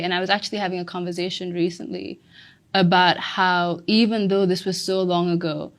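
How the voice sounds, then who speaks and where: Low-voiced woman answering exam question. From Sri Lanka. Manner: fluent, opinionated, reflective. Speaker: test candidate.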